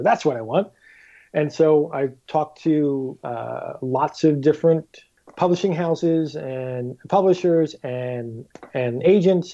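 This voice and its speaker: A man's voice: a little high, lo-fi sound. A man guest on a casual podcast, telling stories animatedly and acting out quotes. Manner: animated storyteller, acts out quotes with swearing. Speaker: guest author.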